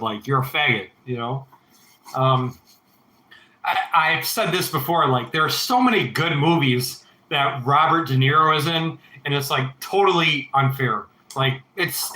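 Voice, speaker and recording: A man hosts a casual livestream Q&A, tossing out blunt opinions and swearing freely as he rambles. His voice sits a little high and comes across bright and forceful. The sound bounces around a roomy, echoey space. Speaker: livestream host answering chat.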